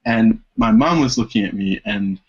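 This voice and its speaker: A man's voice: on the low side, wildly swooping pitch, moderate pace, vocal fry, breathy edge. A man with dry humour, telling a story as a guest on a casual podcast. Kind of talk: casual interview chat. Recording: dull lo-fi podcast audio.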